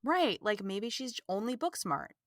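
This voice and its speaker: A woman hosting a podcast, recapping a movie in casual, animated, exasperated chat full of "like". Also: fairly high pitch, normal speed, no room sound, clean studio sound. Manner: animated, exasperated, fills talk with "like". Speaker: podcast host.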